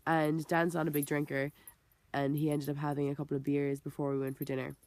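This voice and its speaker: A woman's voice: low voice, flat delivery, brisk, darkish tone, no room sound. A woman with an Irish accent and a chest infection, talking in a rambling, frank vlog monologue full of "like" and self-corrections, swearing freely. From Ireland. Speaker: vegan vlogger.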